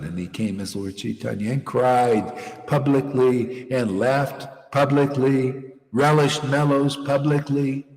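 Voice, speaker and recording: A man's voice: mid-range voice, steady tone, takes it slowly, a little mellow. Emphatic man preaching in echoey hall. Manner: emphatic, rhetorical, repeats phrases. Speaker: devotional teacher. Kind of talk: informal devotional talk. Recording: echoey room with long reverb.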